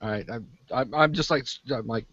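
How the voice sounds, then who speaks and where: A man's voice: mid-range voice, brisk, fairly bright tone, slight background noise. A man playing a tabletop horror game, chatty, stammering and restarting. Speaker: player. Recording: dry muffled lo-fi audio.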